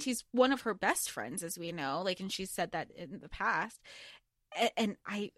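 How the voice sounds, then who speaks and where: A woman's voice: fairly high pitch, no room sound, studio quality. A woman co-hosting a podcast, talking casually and animatedly about a book, swearing freely and filling with likes and you knows. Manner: animated, swears freely, lots of filler words. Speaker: podcast co-host.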